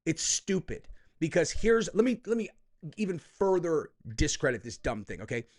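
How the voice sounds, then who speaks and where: A man's voice: on the high side, very animated, moderate pace, a little mellow. A man hosting heated political commentary, profane and combative, who keeps tagging his points with "okay?" and "dude.".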